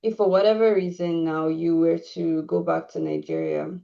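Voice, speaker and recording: Brief: woman podcast host, low and gravelly, reflective questions, dull lo-fi sound. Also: huge pitch swings, moderate pace, dark tone. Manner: reflective, asks long questions. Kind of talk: casual interview. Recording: dull lo-fi recording.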